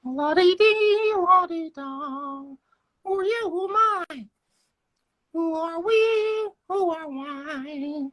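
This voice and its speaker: A man putting on a high, sing-song voice of a cheerful cartoon mouse. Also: animated, drawn-out words, long pauses, fairly bright tone, exaggerated voice. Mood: playful.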